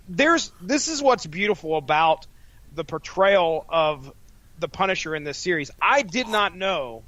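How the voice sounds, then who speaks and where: A man's voice: high-pitched, sharp tone, no room sound. A man chatting casually on a podcast, responding enthusiastically with restarts and affirmations. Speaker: podcast co-host. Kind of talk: casual review chat.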